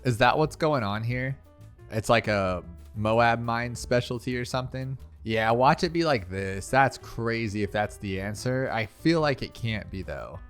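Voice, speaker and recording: A man's voice: mid-range voice, measured pace, smooth, faint music behind. A man commenting casually on his own gameplay as a video host, thinking aloud and often exasperated. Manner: animated, exasperated, talks to himself.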